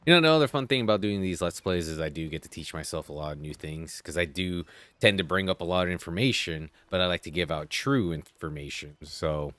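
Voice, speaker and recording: A man's voice: deep voice, fairly bright tone, dry recording. A man hosting a let's play, chatting and joking casually while he plays. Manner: chatty, jokey, reads game notes aloud in voices. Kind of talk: casual gameplay commentary.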